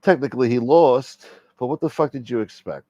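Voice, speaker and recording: In a muffled recording with no echo, a man of medium pitch speaks fairly quickly with a dark tone. He hosts a casual late-night livestream, reading viewer comments and rambling with lots of profanity.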